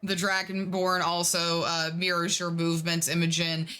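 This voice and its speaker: A woman's voice: fairly low pitch, monotone, moderate pace, sharp tone, clean tone. A woman narrating a tabletop game as game master, chatty with many fillers.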